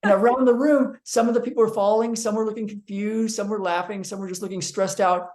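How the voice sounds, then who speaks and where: Man, physical therapist, storytelling to viewers, animated, lots of ums. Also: sits high, brisk. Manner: animated storyteller, acting out quotes; frequent ums and restarts.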